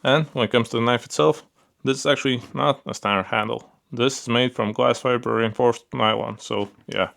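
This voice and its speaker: Gravelly man reviewing gear casually. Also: medium pitch, normal speed, few pauses. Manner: relaxed, repeats fillers like "pretty cool" and "yeah"; handles the gear while talking. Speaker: product reviewer.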